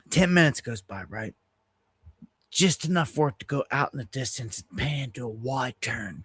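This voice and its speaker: A middle-aged man hosts his own live news stream, telling stories in an animated, agitated rush that keeps restarting mid-sentence. His voice sits a little high for a man. The sound is dry and close, with no room echo. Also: moderate pace, slightly rough. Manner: animated storytelling, heated and ranting, with frequent restarts. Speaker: host of an independent news livestream. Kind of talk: casual livestream monologue.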